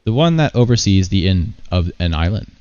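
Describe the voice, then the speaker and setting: A man voicing an ancient bodiless being, speaking slowly, haughty and cryptic. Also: low-pitched, big pitch swings, dark tone, smooth, dry recording, muffled recording.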